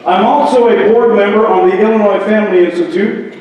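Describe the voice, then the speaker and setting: A pastor addressing a town hall meeting, preacherly and fond of rhetorical questions and jokes. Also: male voice, high-pitched, steady tone, fairly quick, muffled recording. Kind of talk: impassioned public speech. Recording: echoey hall, distant mic.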